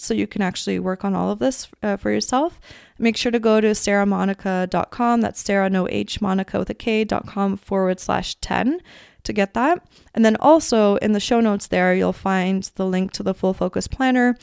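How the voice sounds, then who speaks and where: A woman's voice: mid-range voice, vocal fry, smooth, no room sound. A woman hosting her own podcast, talking casually and effusively with lots of fillers. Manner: chatty, effusive, many fillers like "um" and "like". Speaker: podcast host. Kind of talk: casual solo podcast talk. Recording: dry close recording, soft music behind.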